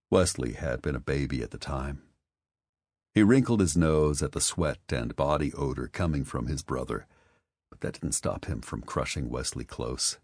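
Deep male audiobook narrator, measured and steady, dry close sound. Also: husky, dry recording. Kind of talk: scripted narration.

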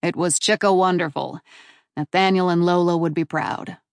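A woman voicing a gruff older camp assistant. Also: fairly low pitch, moderate pace, dry recording, studio quality, natural voice. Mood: weary.

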